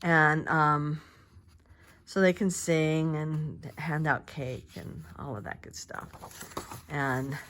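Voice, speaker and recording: Slow, soft-spoken chatty woman crafting. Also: deep voice, fairly even intonation. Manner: chatty and meandering, many fillers and restarts; soft-spoken, drops to murmurs while working. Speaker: crafting vlogger. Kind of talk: casual chat while crafting. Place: quiet home craft space.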